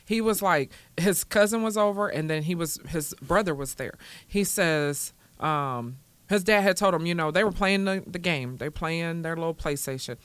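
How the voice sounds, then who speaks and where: A woman in her forties on a casual podcast, telling stories with lively, raised voices for the people she quotes. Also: lowish voice, normal speed, no echo. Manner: animated storyteller, acts out quotes in a raised voice. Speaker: podcast co-host. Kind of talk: casual chat.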